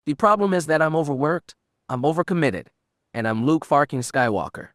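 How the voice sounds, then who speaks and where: A man's voice: on the high side, animated, a little fast, no echo, studio quality, natural voice. A man voicing a frustrated, overworked young Jedi who speaks sharply and bitterly, read as an audiobook character.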